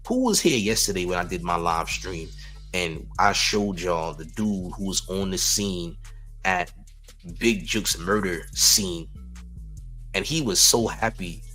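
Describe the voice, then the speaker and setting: A man's voice: low voice, expressive, a little slow, pushed and bright, soft background music. A man hosting a hip-hop news stream, talking sarcastically with frequent chuckles. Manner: sarcastic, chuckling, calls viewers "champ". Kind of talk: live-stream commentary.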